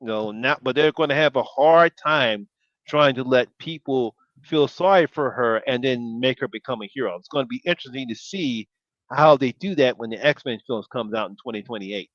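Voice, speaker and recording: A man hosting a casual live-stream chat, talking calmly and evenly with many "uh" fillers. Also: medium pitch, no echo. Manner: calm, measured, with frequent "uh" fillers and agreeing murmurs. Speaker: host. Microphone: video call. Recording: dry, dull lo-fi sound.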